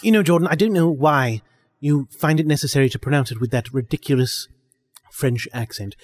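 A man's voice: fairly high pitch, fairly quick. Pompous, long-winded man in reverb. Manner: grandiose, self-important, long-winded. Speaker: comedy podcast co-host. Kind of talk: mock-pompous comic monologue.

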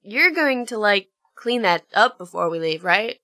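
A woman voicing a spirited young female crime-fighter in an amateur audio drama, speaking in an animated, exclamatory way. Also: mid-range voice, measured pace.

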